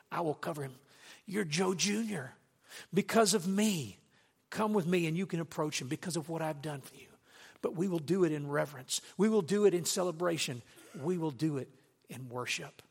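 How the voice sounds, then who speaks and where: An earnest male pastor preaching a sermon, pressing his point with questions. His voice sits a little high for a man. It rings out with a long hall reverb. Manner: earnest preaching with rising storytelling.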